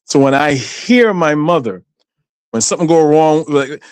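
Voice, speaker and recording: A man from Guyana, talking on a casual panel discussion in an animated storytelling way, with frequent restarts. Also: on the high side, moderate pace, smooth, no room sound.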